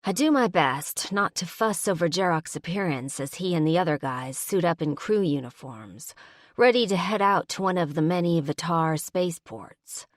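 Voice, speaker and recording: A woman tells a fantasy romance in first person with a calm, even manner. Her voice sits very low for a woman. The recording is dry and close. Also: normal speed, dry recording. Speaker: audiobook narrator.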